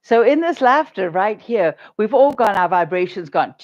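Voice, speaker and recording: A woman minister giving a sermon, telling stories in an animated way and laughing often. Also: medium pitch, normal speed, highs cut off.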